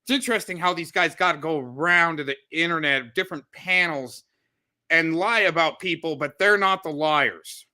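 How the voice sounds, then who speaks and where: A man's voice: fairly high pitch, moderate pace, pushed and bright. A man commenting on a livestream in a sarcastic, mocking tone. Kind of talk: casual livestream chat.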